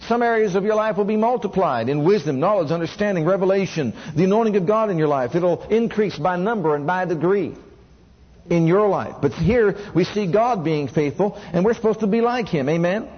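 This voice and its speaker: A man's voice: high-pitched, expressive, fairly quick, breathy edge, highs cut off. A man preaching a sermon who keeps asking the congregation questions and has them repeat lines back to him.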